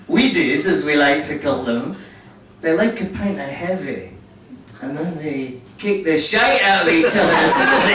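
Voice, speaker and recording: A middle-aged man from Scotland with a Scottish accent, telling jokes in a stand-up comedy set, full of ums and chuckling at his own lines. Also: sits high. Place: small comedy venue with a live audience. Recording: roomy venue recorded from a distance, audience noise.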